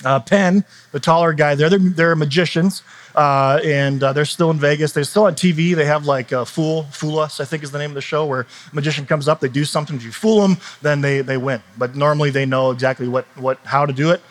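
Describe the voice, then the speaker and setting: A man's voice: a little high, fairly even intonation, a little fast. A middle-aged male pastor delivering a conversational sermon, often restarting phrases and using fillers.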